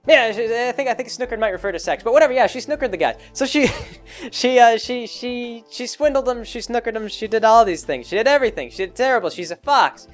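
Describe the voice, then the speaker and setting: A young man rambling through an improvised story, restarting often and acting out characters in quick bits. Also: very high voice, animated, soft background music. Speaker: comedy podcast host.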